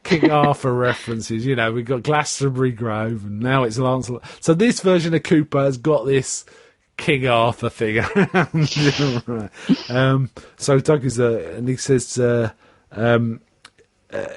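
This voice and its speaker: A man chatting casually about a TV episode and slipping into high, lively voices for the people in it. His voice sits in a middle pitch and sounds close and dry, as if he is recording in a small treated room. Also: unhurried, no echo. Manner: animated retelling, pitching up for quoted characters. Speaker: podcast host. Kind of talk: casual chat recapping a TV episode.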